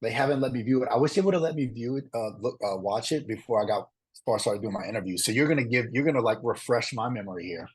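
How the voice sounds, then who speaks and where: A man answers interview questions at a quick clip. His voice is husky, and he rambles, doubling back and restarting his sentences. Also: medium pitch, poor audio. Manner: fast, rambling, with many restarts and fillers. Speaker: reality competition contestant. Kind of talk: casual interview.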